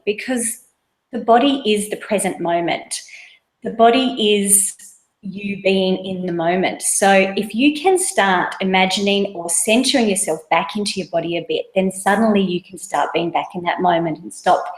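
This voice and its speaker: A woman's voice: medium pitch, normal speed. A woman, a mother in her thirties, earnestly explaining mindfulness in a casual webinar talk, using everyday examples. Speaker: mindfulness course guest. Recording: roomy echo.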